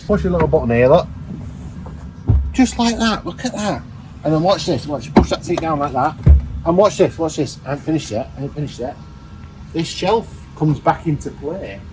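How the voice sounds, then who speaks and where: A man's voice: on the high side, animated, normal speed, over music, poor audio. A man reviewing a car in a casual, joking way, rambling and laughing as he demonstrates features. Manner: jokey, rambling, laughs often.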